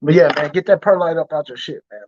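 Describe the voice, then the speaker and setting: A man hosting a casual chat and telling animated, slang-heavy stories, acting out the people he quotes. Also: on the high side, quick pace, a little hiss or hum. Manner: animated storytelling, slangy and profane, acts out quoted voices. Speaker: host. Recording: dull, lo-fi stream audio.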